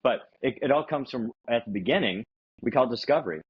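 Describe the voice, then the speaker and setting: A man's voice: medium pitch, lively intonation, brisk, husky. A man co-hosting a podcast, chatting casually about sales and acting out bits of sales dialogue. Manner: conversational, acts out sales dialogue. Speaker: podcast co-host. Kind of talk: casual sales-advice chat. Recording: dull lo-fi audio.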